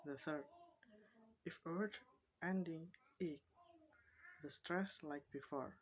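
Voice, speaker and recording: A woman with an Indonesian accent speaks in a low, unhurried voice. She lists example words one after another in a slow class presentation. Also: rough recording. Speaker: student presenter.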